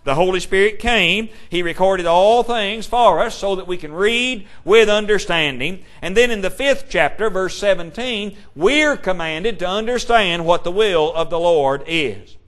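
A man preaching with a notably high voice, stretching key words slowly for emphasis. He moves between reading old-fashioned scripture verses and posing questions straight to his listeners. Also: a bit bright. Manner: deliberate, emphatic preaching with slowed stresses; reads scripture aloud in King James wording. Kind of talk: sermon.

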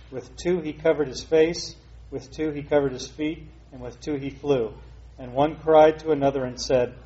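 Mellow-voiced man reading scripture. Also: medium pitch. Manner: slow, measured reading. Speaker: scripture reader. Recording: dull lo-fi sound.

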